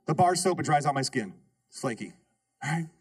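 A man preaching a lively sermon as pastor, calling out questions to his congregation. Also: fairly high pitch, moderate pace, breathy edge. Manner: call-and-response preaching, rhetorical questions to the congregation. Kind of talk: energetic sermon. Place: church sanctuary.

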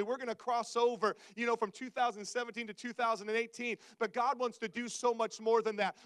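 A man preaches in a fairly high voice, with animated, self-mocking humor that keeps the sermon conversational. He talks to his congregation as if chatting with friends. The sound is dry and close. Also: no room sound. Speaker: pastor. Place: church service before a congregation.

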